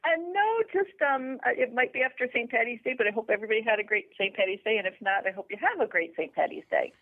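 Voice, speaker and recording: A woman's voice: fairly high pitch, lively intonation, fast talker. A woman calling in as a guest, talking about her family history in an enthusiastic, bubbly way. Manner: enthusiastic, bubbly, laughs easily. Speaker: guest caller. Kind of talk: casual chat. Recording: tinny phone line.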